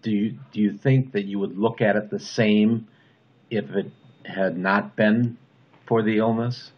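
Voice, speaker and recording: A middle-aged man gently asking brief questions in a personal interview. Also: lowish voice, steady tone, unhurried. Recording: dull lo-fi recording.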